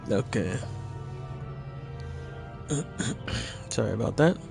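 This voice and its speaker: A man's voice: on the low side, expressive, extremely slow, vocal fry, music in the background. A male streamer making chatty, self-deprecating comments while playing a game. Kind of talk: casual gameplay commentary.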